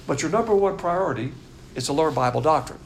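Older male Bible teacher, gravelly voice, slightly higher than most men, blunt and contemptuous, with a faint hiss behind him. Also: fast talker. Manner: blunt, scornful, animated lecturing. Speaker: pastor teacher.

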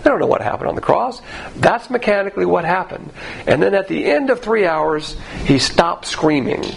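A man's voice: sits high, animated, moderate pace, gravelly, slight background noise, poor audio. A man preaching a sermon as pastor, talking in a conversational, emphatic way and asking many rhetorical questions.

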